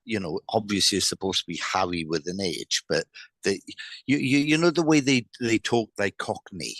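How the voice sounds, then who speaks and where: A man's voice: lowish voice, fairly bright tone, no room sound. A man giving a live mediumship reading who stumbles and repeats his words often and passes on spirit messages as quoted speech. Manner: halting, repeats words, many restarts. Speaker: psychic medium.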